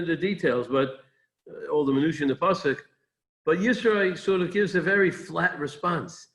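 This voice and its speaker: A man's voice: a little high, moderate pace, fairly bright tone, low-quality recording. A man giving an informal Torah talk as a rabbi, conversational and digressive, thinking aloud as he goes.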